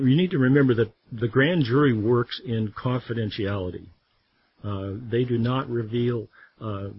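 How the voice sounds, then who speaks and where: A man's voice: lowish voice, slightly rough. A man appearing as a guest on a radio show, speaking earnestly about civic volunteering and often stumbling and restarting. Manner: earnest, halting, with repeated restarts. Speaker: former grand jury member, studio guest. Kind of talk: radio interview. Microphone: studio microphone. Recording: slightly dull radio broadcast sound.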